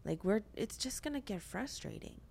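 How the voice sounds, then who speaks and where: A woman's voice: mid-range voice, lively intonation, moderate pace, vocal fry, darkish tone. A young woman hosting a podcast, talking earnestly about faith in a chatty way, full of filler words. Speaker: podcast host. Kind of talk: casual faith discussion.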